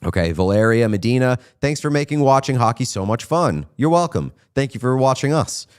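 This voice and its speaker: A man's voice: mid-range voice, very animated, brisk, smooth. A man hosting a casual podcast, reading viewer comments aloud with wry jokes. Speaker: podcast host reading chat messages. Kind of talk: casual chat.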